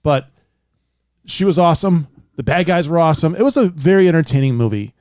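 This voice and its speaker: A man's voice: on the high side, animated, fairly quick, a little mellow, dry recording, studio quality. A man co-hosting a podcast, teasing his friends in casual chat. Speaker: podcast co-host.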